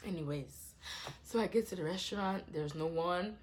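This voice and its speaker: A young woman telling a dramatic personal story in a casual vlog, swinging from hushed asides to loud exclamations. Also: lowish voice, normal speed. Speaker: vlogger.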